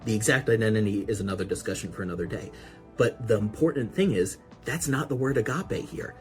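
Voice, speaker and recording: A man hosting a podcast, explaining Bible words in a relaxed, conversational way with casual asides. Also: lowish voice, brisk, faint music behind. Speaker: podcast host.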